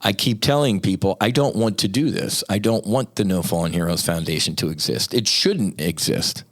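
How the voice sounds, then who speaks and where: A man's voice: low-pitched, moderate pace. A middle-aged American man hosting a podcast, delivering a blunt, profane, fired-up monologue. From United States. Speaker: podcast host. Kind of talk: impassioned monologue.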